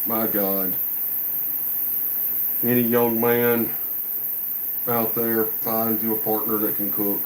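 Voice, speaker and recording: A man who runs a gunsmith shop, chatting in a relaxed, folksy, rambling way on a casual livestream. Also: fairly low pitch, slow, pauses often, slight background noise, low-quality recording.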